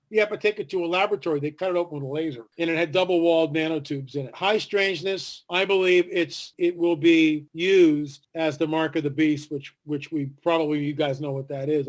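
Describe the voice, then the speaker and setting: An older man, a guest author, telling a story in a podcast interview and animatedly acting out what others said. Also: a little high. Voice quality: animated storyteller, acts out other people's lines.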